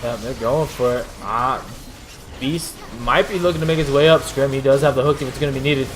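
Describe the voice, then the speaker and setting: A man giving excitable play-by-play commentary as an esports caster, rising to shouts at big plays. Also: medium pitch, a little fast, background noise.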